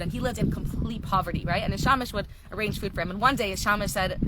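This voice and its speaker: A woman teaching a live class, telling stories in an animated, earnest way. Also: medium pitch, fast talker, hardly any pauses, very noisy. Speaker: Torah teacher.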